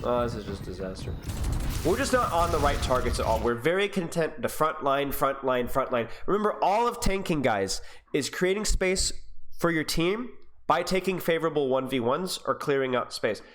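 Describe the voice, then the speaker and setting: A man's voice: expressive, normal speed, a bit bright. Exasperated man coaching over gameplay. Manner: exasperated, teasing, rises higher when frustrated. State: sick. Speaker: game coach. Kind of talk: gameplay review commentary.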